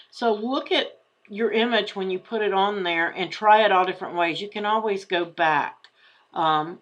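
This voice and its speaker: A woman's voice: lowish voice, a bit bright, lo-fi sound. Chatty woman walking through a craft tutorial. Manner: chatty, thinking aloud while clicking. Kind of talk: screen-share craft tutorial.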